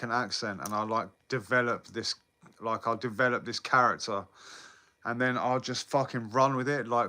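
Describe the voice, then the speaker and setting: A man's voice: mid-range voice, bright, forceful tone. A young British man chatting casually on a live stream, rambling, swearing often and answering viewer comments. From Britain. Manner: rambling, swears often, laughs between lines.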